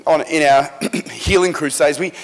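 A middle-aged man preaching a sermon in a church, telling stories with fervent, emphatic delivery that builds to loud climaxes. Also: fairly high pitch, fairly even intonation, unhurried. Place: church sanctuary. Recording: echoey church hall.

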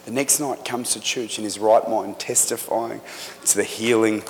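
A middle-aged man preaching a sermon in a church, telling stories with fervent, emphatic delivery that builds to loud climaxes. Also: on the low side, steady tone, moderate pace, background noise. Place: church sanctuary. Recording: echoey church hall.

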